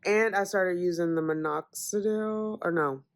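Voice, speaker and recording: Chatty woman with a gravelly low voice. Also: measured pace. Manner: chatty, animated storytelling. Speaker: vlogger. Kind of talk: casual vlog chat.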